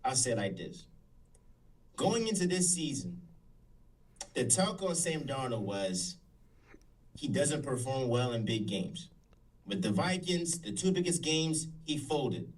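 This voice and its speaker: A man arguing his point as a panelist on a sports debate show, breaking it down in a measured way. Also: mid-range voice, big pitch swings, distant mic, low-quality recording.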